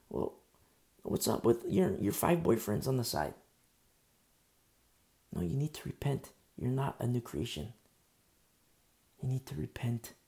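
A man's voice: mid-range voice, expressive, unhurried, creaky, pauses often, dark tone. A man preaching a conversational sermon, emphatic and full of rhetorical questions.

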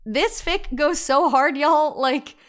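A young woman co-hosts a casual podcast chat about fan fiction, speaking slowly in a high, fairly bright voice. She explains things with lots of asides and laughs often.

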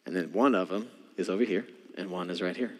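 A man's voice: low voice, quick pace. A male pastor preaching a sermon, telling a story with animation and speaking straight to his congregation. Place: church sanctuary. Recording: church hall with long reverb.

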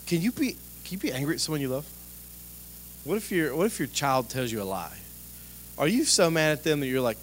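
A man preaching a sermon in a lively, conversational way, joking and asking the congregation direct questions. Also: on the high side, fast, slight background noise. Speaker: pastor.

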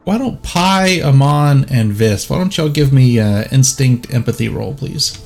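A man running a tabletop game as game master, narrating haltingly with many pauses and fillers. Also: medium pitch, lively intonation, vocal fry, a little mellow, soft background music.

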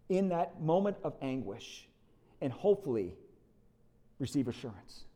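A man preaching a sermon as lead pastor, telling a story with emphasis and slowing down for quiet, reflective moments. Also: fairly high pitch.

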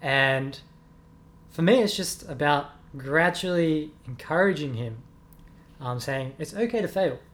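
Earnest young man, slightly high voice. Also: measured pace, a bit bright. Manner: earnest, reflective, with frequent ums and self-corrections. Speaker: music teacher. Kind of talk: casual interview answers.

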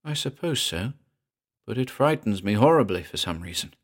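A man's voice: mid-range voice, expressive, unhurried, voice pushed up. A man reading aloud, voicing a frightened young man whose voice rises and trembles. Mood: hushed, fearful. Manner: urgent, voice rising and trembling.

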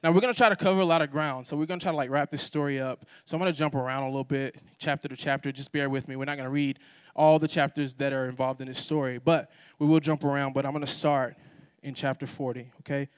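A young man preaching a sermon, telling a story with lively acted-out dialogue. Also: mid-range voice, quick pace, smooth, no room sound, clean studio sound. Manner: animated storyteller acting out dialogue. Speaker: pastor.

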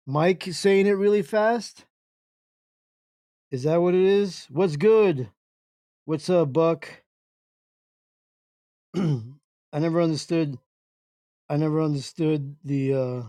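A man's voice: on the high side, takes it slowly, pauses often, darkish tone, no echo. A man hosting an internet radio livestream, jokingly reading chat comments aloud and stumbling through words in playful confusion.

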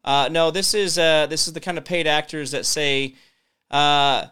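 A man's voice: fairly high pitch, fairly even intonation, a little slow, bright, forceful tone, clear, resonant tone. A man hosting his own daily show, talking casually and sarcastically, rambling with many fillers. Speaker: host of a daily talk show. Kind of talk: casual commentary monologue.

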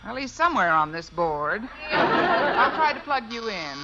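A woman's voice: on the high side, very animated, measured pace, over a noisy crowd. An actress in a 1950s radio sitcom playing a dry, wisecracking schoolteacher working a switchboard. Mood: wry. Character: wisecracking, sarcastic woman schoolteacher. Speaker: English teacher. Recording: dull old radio broadcast, loud hiss.

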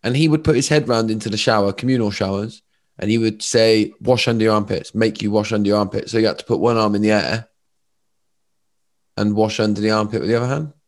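A man, telling lively stories as a podcast guest. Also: lowish voice, quick pace. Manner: animated storyteller, lots of fillers. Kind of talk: casual chat.

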